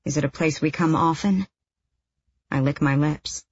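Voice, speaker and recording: A woman's voice: low-pitched, normal speed, breathy edge, muffled recording. A woman reading a first-person novel aloud in a wry, conversational manner. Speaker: audiobook narrator.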